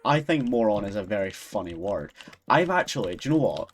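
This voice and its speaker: A man's voice: lowish voice, big pitch swings, a little fast, a little hiss or hum. A young Scottish man streaming live, chatting casually with viewers in a rambling, sweary way, often breaking into giggles. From Scotland.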